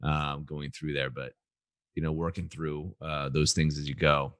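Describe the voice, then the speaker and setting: A man's voice: extremely low pitch, flat delivery, unhurried, fairly bright tone, no room sound, clean studio sound. A man from California hosting a podcast in an upbeat, easygoing chat with lots of fillers. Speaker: podcast host.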